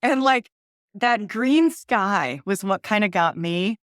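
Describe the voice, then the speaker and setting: A woman, a guest author chatting in an interview, excitable and quick to laugh. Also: medium pitch, dry recording, clean studio sound. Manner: bubbly, laughs often, excitable. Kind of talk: casual interview chat.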